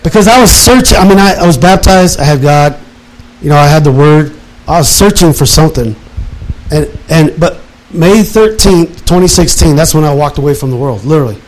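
Animated retired military man. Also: fairly high pitch, brisk, low-quality recording. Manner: animated, acts out his own past words. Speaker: guest telling his life story. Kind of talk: casual personal testimony.

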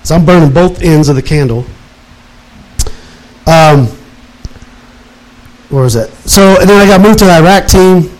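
A man in his fifties, retired from military service, tells his life story in casual, animated talk and acts out his own past words. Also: fairly high pitch, a little slow, pauses often, poor audio. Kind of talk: casual personal testimony.

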